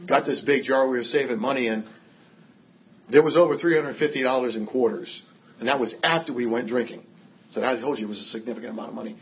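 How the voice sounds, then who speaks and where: Older man, recovery speaker, wry storyteller, middle-pitched, lo-fi phone-like audio. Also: fast talker. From Massachusetts. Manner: wry storytelling, self-mocking humor. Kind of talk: personal recovery story told to a group.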